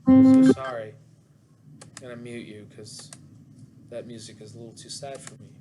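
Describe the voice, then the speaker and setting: Loud music plays behind a middle-aged physics instructor as he lectures online over a video call. He speaks at normal speed in a medium-pitched voice with huge pitch swings, and he chats and trades jokey asides with students between worked problems.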